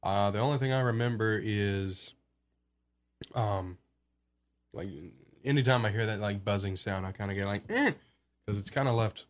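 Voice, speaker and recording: A man's voice: lowish voice, normal speed, pauses often. An eighteen-year-old man from Alabama, a podcast guest telling stories casually, self-mocking and rambling. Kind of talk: casual storytelling.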